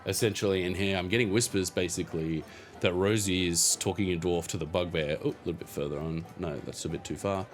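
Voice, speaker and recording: A man's voice: low voice, fairly even intonation, fast talker, soft background music. A man hosting a podcast, casually recapping a tabletop game session in a rambling way, laughing now and then. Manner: rambling, many fillers, chuckles often.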